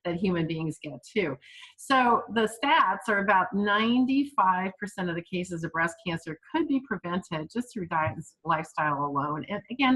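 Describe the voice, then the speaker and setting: A woman, a physician guest on an interview podcast, who explains in an animated, emphatic way with many fillers. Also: lowish voice, poor audio.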